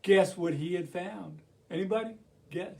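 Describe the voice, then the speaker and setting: A man telling a children's story as a puppeteer, animated and calling out to the audience to join in. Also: sits high, normal speed, gravelly. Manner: animated, call-and-response with the audience.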